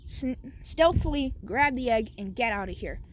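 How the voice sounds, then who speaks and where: A woman voicing an earnest, excitable teenage boy hero who reacts with wide-eyed, eager exclamations. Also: on the high side, normal speed, slight background noise, close to an everyday voice.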